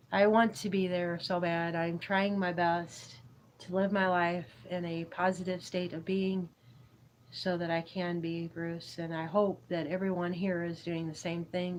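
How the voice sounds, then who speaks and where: On a low-quality recording with slight background noise, a YouTube host leads a spiritual livestream. Her voice is on the low side, and she wanders from topic to topic, giggling frequently while reading out and responding to viewer comments.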